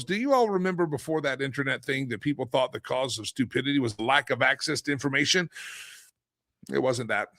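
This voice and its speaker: A middle-aged man hosts his daily stream in a loose, rambling monologue. He repeats words, restarts his sentences and chuckles now and then. His voice sits at an average pitch and sounds close and dry, with no room echo. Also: animated, a little fast. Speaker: show host.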